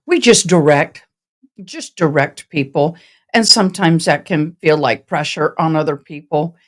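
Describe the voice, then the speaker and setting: Hosting a laid-back live stream on a trial, this woman talks with her viewers in a low, unhurried voice. Her chatter rambles, and by her own account she's passionate and direct.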